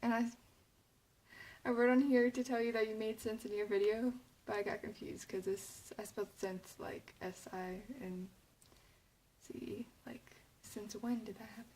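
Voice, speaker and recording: A woman's voice: a little high, steady tone, moderate pace, darkish tone, a little hiss or hum, rough recording. A young woman talking casually to her camera, rambling, with lots of "like" and fillers, and sounding a little emotional. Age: young adult. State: emotional, near tears. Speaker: vlogger.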